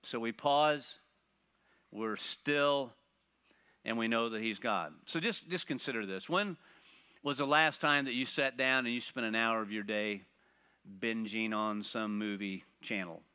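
A man preaching a sermon, animated and playful, asking the congregation rhetorical questions. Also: mid-range voice, measured pace, clean tone. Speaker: pastor.

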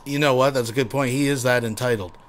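A man's voice: medium pitch, steady tone, fast talker, slight background noise. A man hosting a commentary show, sarcastic and profane as he mocks the video he plays. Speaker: commentary channel host. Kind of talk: mocking commentary.

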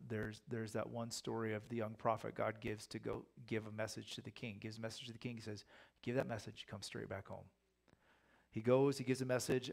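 A man's voice: mid-range voice, gravelly. A man preaching a casual, conversational Bible teaching, acting out the voices of the people in his stories. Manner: conversational, acts out quoted voices. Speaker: pastor.

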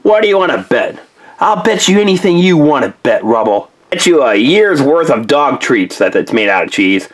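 A man voices a hungry, slow-witted male bulldog pup in a toy play-along story, using a husky, rambling drawl at medium pitch. He's very animated and sounds dreamy and stubborn, though the recording is rough.

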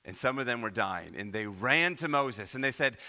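Animated preacher man from Iowa. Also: medium pitch, moderate pace. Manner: animated preaching with rhetorical questions. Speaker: pastor. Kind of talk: sermon. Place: church.

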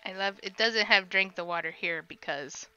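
A woman's voice: medium pitch, normal speed, clear, resonant tone, highs cut off, soft background music. A woman streaming a video game, commenting live and yelping when she gets scared, on a desk microphone. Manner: excitable, shrieks and yelps when scared.

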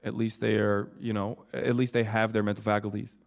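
A man's voice: lowish voice, level tone, a little fast, creaky. A man streaming live, chatting casually and crudely while tired and sick with covid. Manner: crude, swears a lot, jokey. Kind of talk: casual chat.

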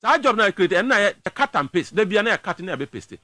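A man's voice: high-pitched, sing-song, quick pace, bright, forceful tone, dry recording, studio quality. A man with a Ghanaian accent giving emphatic political commentary on a talk show, switching between a local language and English.

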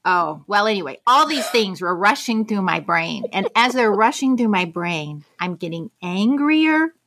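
A woman's voice: medium pitch, lively intonation, normal speed, vocal fry, a bit bright. A middle-aged woman telling a personal anecdote as a guest, acting out the quoted lines expressively. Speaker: guest storyteller.

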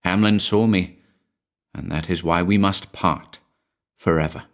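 A man voicing a cold, soft-spoken young woman's ghost who speaks in a hushed tone in a storybook reading. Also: sits low, steady tone, a little slow. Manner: hushed, quiet.

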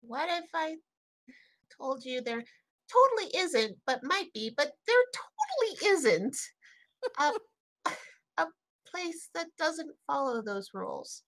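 A high, bright voice for a young bird-folk adventurer, played by a woman at a tabletop game. She stammers, restarts and trails off. The tone is hesitant and evasive. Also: big pitch swings, slow, heavily acted. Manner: stammering, hesitant, nervous laughs. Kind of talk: role-playing a character in a tabletop game.

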